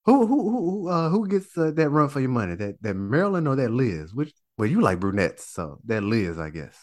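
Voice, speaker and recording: A man co-hosting a podcast in casual chat, animated and profane, stammering and restarting as he talks. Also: mid-range voice, normal speed. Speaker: podcast co-host.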